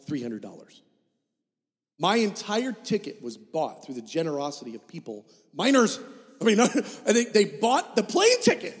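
Male pastor, storytelling sermon, high voice, lively and animated, heard in a big reverberant hall. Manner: animated, acts out dialogue in his story. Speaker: preacher.

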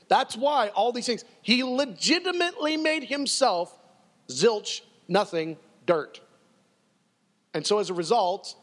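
A man's voice: high-pitched, fairly bright tone. A male pastor preaching a sermon in an emphatic, conversational way, often repeating himself for effect. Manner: emphatic and conversational, with frequent repetition. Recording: long reverb of a hall.

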